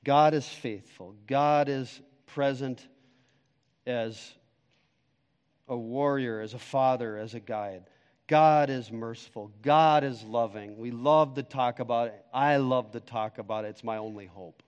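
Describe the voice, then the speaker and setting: A man preaching a sermon as pastor, emphatic, swinging between loud declarations and hushed, quiet stretches. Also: mid-range voice, a little slow, clear, resonant tone, big-room sound, highs cut off.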